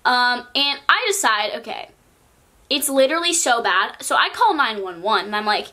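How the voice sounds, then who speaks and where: A woman's voice: a little high, lively intonation, moderate pace, bright, forceful tone. A teenage girl from California telling a storytime vlog in a chatty way, filling her sentences with "like". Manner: chatty, peppers speech with "like". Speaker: vlogger.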